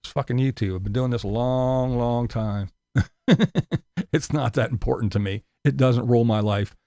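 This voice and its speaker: A man's voice: normal speed, dark tone, no echo. A man ranting angrily to his viewers, swearing a lot and mocking his critics. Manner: profane ranting with mocking high-pitched impressions. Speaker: YouTuber. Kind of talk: angry ranting vlog.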